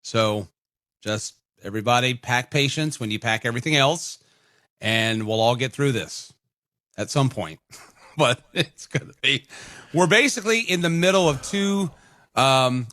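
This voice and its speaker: A man's voice: medium pitch, a bit bright, no echo, studio quality. A male radio co-host talking casually and reassuringly on a morning show.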